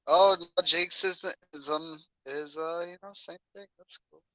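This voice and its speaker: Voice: mid-range voice, a bit bright, no room sound, poor audio. A co-host of a casual online crypto talk stream, laid-back and laughing often, drawing words out. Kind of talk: casual chat.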